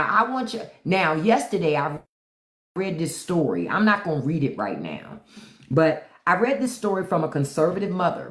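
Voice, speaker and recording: Profane ranting livestream host, lively pitch, roomy echo. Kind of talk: unscripted live-stream commentary.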